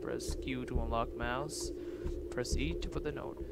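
A young man commentating a game, jittery, swinging from hushed mutters to loud yelps. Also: mid-range voice, fairly even intonation, unhurried, gravelly. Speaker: gaming YouTuber. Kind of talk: let's-play commentary. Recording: loud noise behind voice.

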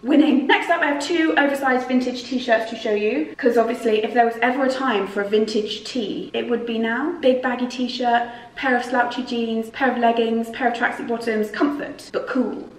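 A woman's voice: on the high side, fairly even intonation, moderate pace, recorded from a distance. Bubbly British woman vlogger in echoey room. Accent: British English. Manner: chatty, bubbly, self-mocking asides. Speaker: fashion vlogger. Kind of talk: casual try-on haul chat. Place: home room, seated by a sofa. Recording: echoey room, voice a little off-mic.

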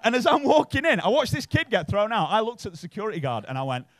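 A stand-up comedian with a Manchester-area accent works a comedy club crowd, swearing freely and tagging his lines with "right?". His voice sits high for a man, and his pitch swings widely as he talks. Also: sing-song, fast, a bit bright, no echo. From Bury, near Manchester. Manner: swearing, chatty, keeps adding "right?".

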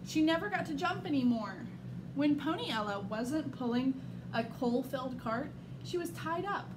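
Expressive woman reading a storybook aloud. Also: sits high, moderate pace, background noise. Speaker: school staff member. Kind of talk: reading a picture book aloud.

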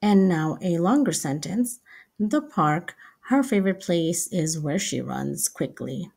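A woman teaching English writing step by step, slow and deliberate, repeating each example sentence. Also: lowish voice, animated, gravelly, a little mellow, breathy edge.

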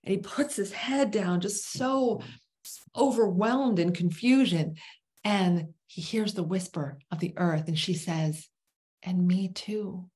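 Woman spiritual teacher, lower voice, slow storytelling delivery with pauses and hushed emphasis. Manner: slow, dramatic pauses, drops to a whisper on key words.

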